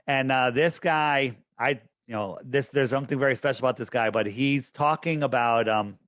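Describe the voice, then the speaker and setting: A man's voice: mid-range voice, normal speed, fairly bright tone, no echo. A man talking as a guest on a podcast, rambling and losing his train of thought, then pressing his points in an emphatic, preachy way. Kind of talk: casual interview talk.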